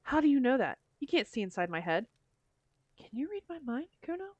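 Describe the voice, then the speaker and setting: A woman's voice: sits high, big pitch swings, fairly quick, darkish tone, no echo, muffled recording. A woman streamer reading game dialogue aloud in a dry, wry way.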